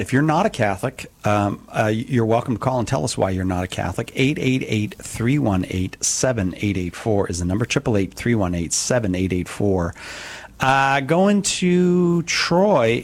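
A man hosting a live call-in radio show, genial and joking, talking fast in bursts. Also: medium pitch.

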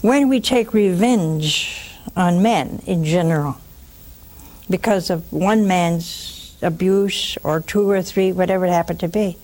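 A woman hosting a religious call-in show, teaching in an animated way, mocking with put-on quotes and dropping to a hush for emphasis. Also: lowish voice, a little slow. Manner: animated, mocks with put-on quotes, drops to a hushed whisper for emphasis.

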